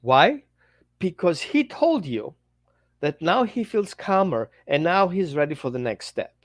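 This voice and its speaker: A man, a dog trainer, giving a casual teaching talk in an animated way, acting out little dialogues between owner and dog. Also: a little high, a little slow, no echo.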